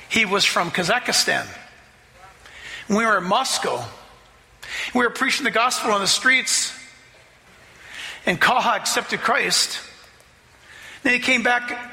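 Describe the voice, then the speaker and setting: A man preaching a sermon as pastor, telling a story with lively energy. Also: sits high, a little slow, vocal fry, long pauses, big-room sound. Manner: animated, rising to near-shouts in the story. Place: church sanctuary.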